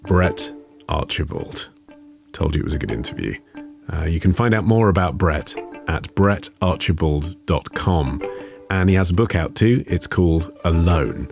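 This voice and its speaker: A man's voice: sits low, lively intonation, moderate pace, vocal fry, music in the background. A British man hosting a podcast, asking short questions and reading the outro. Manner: brief, reactive questions. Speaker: podcast host. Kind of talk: interview and show outro.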